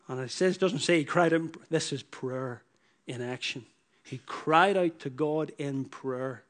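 A man preaching a sermon, who repeats his phrases and swings from loud emphatic bursts to hushed, low lines. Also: a little slow.

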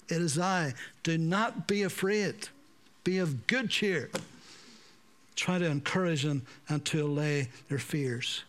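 Male preacher, fairly high voice, unhurried, dramatic rises and hushed drops. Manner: dramatic swings between raised emphasis and hushed, slowed delivery. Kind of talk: sermon.

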